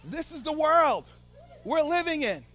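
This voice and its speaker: A man preaching a sermon in an impassioned, dramatic way, often building up to shouts. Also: very high-pitched, very animated, unhurried.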